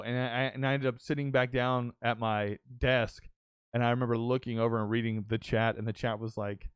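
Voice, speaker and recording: A young adult man hosting a podcast, telling an excitable, swear-heavy story in casual chat with many restarts. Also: mid-range voice, brisk, smooth, no room sound. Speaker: podcast host and streamer.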